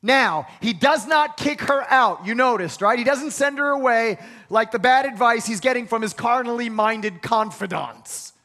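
A man's voice: extremely high pitch, normal speed, pushed and bright. A man preaching a sermon, building to emphatic peaks and repeating key phrases. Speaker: pastor. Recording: long hall reverb.

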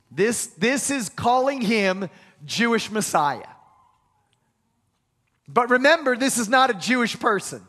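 A man's voice: extremely high pitch, expressive, slow, long pauses, sharp tone. A man preaching a sermon, building to emphatic peaks and repeating key phrases. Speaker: pastor. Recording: long hall reverb.

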